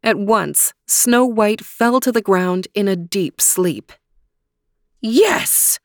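A woman telling a fairy tale aloud in calm, measured storybook narration. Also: mid-range voice, no room sound, clean studio sound. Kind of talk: storybook reading.

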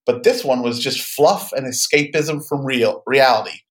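A man's voice: medium pitch, moderate pace. A man co-hosting a podcast, reading out reviews and ribbing his partner in a dry, matter-of-fact way. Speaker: podcast co-host and author. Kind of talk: casual chat.

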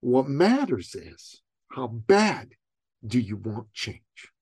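A man voicing a blunt, no-nonsense business coach in quiet, firm tones. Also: medium pitch, sing-song, slow, breathy edge, no echo, exaggerated voice.

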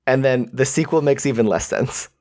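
A man's voice: mid-range voice, moderate pace, darkish tone. A man co-hosting a podcast in casual chat, with dry, wry remarks. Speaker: podcast co-host.

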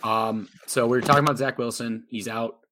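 A man's voice: mid-range voice, a little fast, noisy background. A man co-hosting a sports podcast, talking casually with lots of fillers and jokes. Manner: relaxed, filler-heavy, joking. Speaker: podcast co-host.

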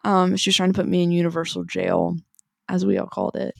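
A woman co-hosting a podcast, telling a story in animated casual chat and saying "like" a lot. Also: lowish voice, fast, gravelly, dry recording, clean studio sound. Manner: animated storytelling, heavy use of "like". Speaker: podcast co-host.

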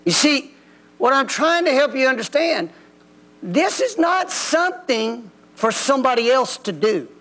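Man preaching, high lively voice with gravel, folksy and blunt. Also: unhurried. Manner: preachy, folksy, plain-spoken. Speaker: pastor. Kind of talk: sermon. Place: church sanctuary.

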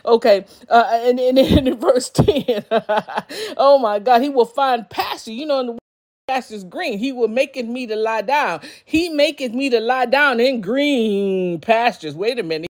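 A woman's voice: fairly high pitch, animated, a little slow, a little mellow. A woman preaching a sermon on a podcast, exuberant, laughing often and calling out to her listeners, at times speaking in tongues.

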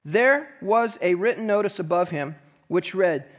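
High-voiced pastor guy preaching in church, reads the bible out loud and acts out the mockers. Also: expressive, measured pace. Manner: reads scripture aloud, then acts out the mockers with rising intensity. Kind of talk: sermon.

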